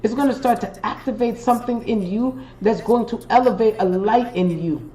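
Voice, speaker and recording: A woman's voice: on the high side, normal speed, mellow, rough recording. Emphatic, preachy woman with drawl. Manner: emphatic, preachy, profane, calls viewers baby. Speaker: spiritual reader and live-stream host. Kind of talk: motivational live-stream pep talk.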